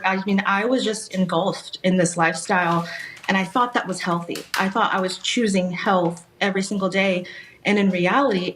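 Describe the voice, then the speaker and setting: A woman's voice: medium pitch, slight background noise. A woman in her thirties, an author and fitness blogger, answering interview questions in an earnest, heartfelt way. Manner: earnest, heartfelt, slow emphasis.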